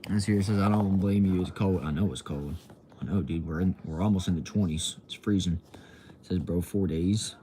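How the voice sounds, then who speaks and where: At home indoors, a young adult livestream host reads out comments in a casual, laid-back drawl, dropping "bro" and "y'all." His voice sits low with a dark tone and moves at normal speed. There's slight background noise, including faint TV sound from another room.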